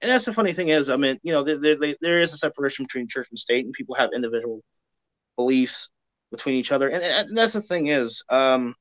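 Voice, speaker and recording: Bright, blunt Southern man. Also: medium pitch, expressive, fast talker, dry recording. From Kentucky, US South. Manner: blunt, profane, laughs loudly, stammers with repeated words. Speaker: live stream co-host. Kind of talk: casual live-stream chat.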